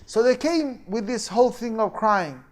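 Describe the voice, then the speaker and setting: A man with a high, bright voice gives a religious lecture. He swings from soft, low asides to loud, raised outbursts as he acts out the voices in the story. He talks in a way. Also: moderate pace. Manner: animated, acts out quoted voices and fake crying. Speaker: Islamic teacher.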